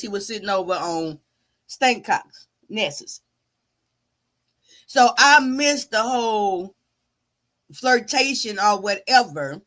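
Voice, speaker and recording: Sassy, bright-voiced woman commentator. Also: fairly high pitch. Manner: sassy, drawling, repeats words and trails off. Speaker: YouTube commentary host. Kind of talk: casual live-stream commentary.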